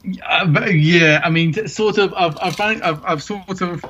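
A man's voice: high-pitched, measured pace, a bit bright, lo-fi sound. A middle-aged man in casual chat, telling anecdotes with hesitant restarts and laughs.

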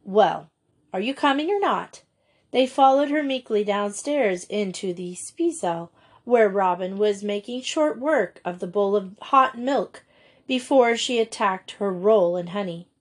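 A woman narrating a children's school story in a measured, even reading voice. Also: mid-range voice. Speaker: audiobook reader.

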